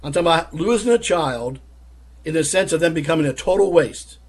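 Husky man arguing in rhetorical questions. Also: fairly high pitch, expressive, a little fast. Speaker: commentator. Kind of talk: critical religious commentary.

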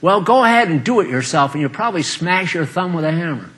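An older man preaching a folksy sermon, chuckling often and swinging between loud emphatic lines and quiet asides. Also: fairly high pitch, sing-song, fast talker.

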